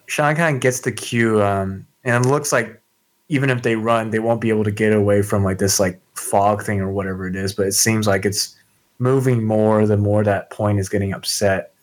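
A man's voice: on the low side, steady tone, moderate pace. A man playing a tabletop game who talks hesitantly, with many fillers. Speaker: player. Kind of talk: casual game talk.

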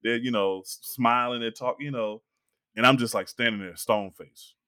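A young man telling a long story in casual podcast chat, animated and acting out the people he quotes. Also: mid-range voice, normal speed, clean tone.

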